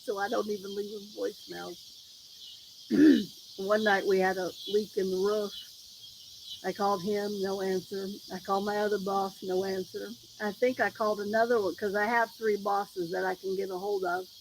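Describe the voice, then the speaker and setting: With a gravelly, medium-pitched voice, level tone and moderate pace, a woman chats casually on a phone livestream. She's outside near a road at night, background noise and loud crickets and insects behind her, as she rambles through stories and acts out others' lines.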